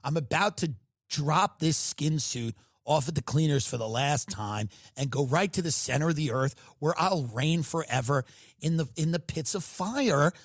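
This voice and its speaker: A man's voice: on the high side, expressive, moderate pace, no echo, clean studio sound, pitched below the performer's own voice. A man voicing a sassy, blunt old male politician with an American Southern accent, talking like a reptile done pretending. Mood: gruff.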